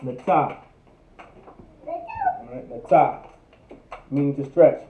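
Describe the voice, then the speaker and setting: Drilling vocabulary in a livestreamed class, a man repeats each word over and over while thinking aloud. His high-side voice swings hugely in pitch and moves extremely slowly. The echoey, distant, tinny phone-like audio carries a little hiss or hum.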